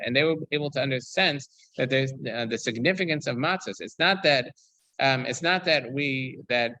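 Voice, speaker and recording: A man's voice: mid-range voice, pushed and bright, dry recording, low-quality recording. A man, a rabbi, teaching a weekly Torah class, reading verses aloud and explaining them while he thinks aloud with many ums and restarts.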